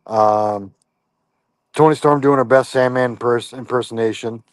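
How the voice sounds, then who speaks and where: A man's voice: mid-range voice, measured pace, smooth, dry recording. A man co-hosting a wrestling podcast, recapping a show in a laid-back, hesitant way. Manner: easygoing, hesitant, lots of ums and fair enoughs. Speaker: podcast co-host.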